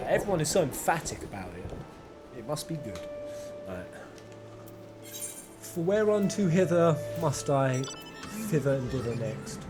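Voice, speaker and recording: Animated streamer over game music. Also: male voice, medium pitch. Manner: animated, self-mocking, chatty. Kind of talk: casual gameplay commentary.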